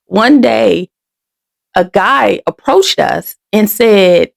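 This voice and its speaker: A middle-aged podcast host from Washington DC speaks very slowly in a medium-pitched, expressive, creaky voice. She tells a personal story candidly and emotionally, often restarting and repeating words.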